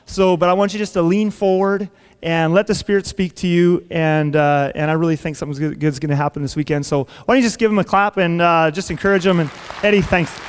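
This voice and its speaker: A man's voice: a little high, fairly even intonation, fairly quick, clear, resonant tone, some chatter behind. A man pastor introducing a guest speaker in a chatty, joking way, with many fillers, in a large church. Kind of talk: sermon introduction. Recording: long hall reverb.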